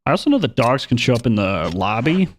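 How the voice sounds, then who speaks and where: A man's voice: medium pitch, big pitch swings, fast talker, slight background noise. A man streaming a horror video game, chatting casually and narrating his own moves with wry asides. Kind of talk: live gameplay commentary.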